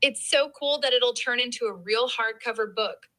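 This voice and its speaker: A woman's voice: a little high, moderate pace, bright, forceful tone, no room sound, rough recording. A woman's AI assistant voice giving chatty, encouraging replies that can turn snarky and teasing. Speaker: AI chat assistant. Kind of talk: conversational AI replies.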